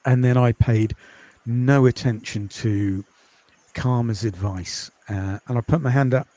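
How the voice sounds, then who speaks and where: A British podcast host and course creator chats casually over a video call in an interview, his quiet, calming mid-range voice moving a little slowly with lots of ums. There's no echo.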